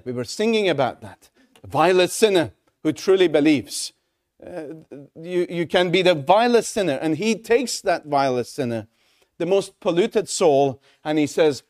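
Guy preaching a sermon, earnest and pleading, higher voice that swoops around a lot. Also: darkish tone. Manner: earnest, pleading, with many restarts and repeated words.

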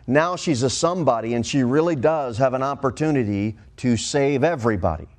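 A pastor delivers a sermon from a church. His voice sits at a middle pitch for a man. He leans hard on key words, jumping up in pitch and slowing to a crawl to drive a point home. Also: animated. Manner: preaching with emphatic swings in pitch and pace.

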